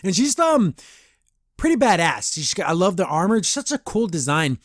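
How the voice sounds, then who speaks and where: A man's voice: sits high, sing-song, moderate pace, no echo, clean studio sound. A man hosting a podcast, giving a casual, rambling review of a cartoon episode, acting out the characters' lines and laughing often. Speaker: podcast host.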